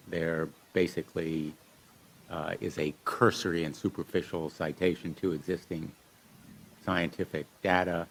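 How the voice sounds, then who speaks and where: A middle-aged man, a senator, pointedly questioning witnesses at a formal hearing. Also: deep voice. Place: hearing room.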